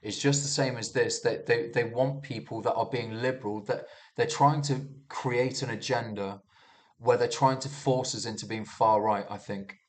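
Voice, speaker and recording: A young man who vlogs about the news rambles casually through the headlines, musing aloud, swearing, and restarting often. His mid-range voice has fairly even intonation and a moderate pace.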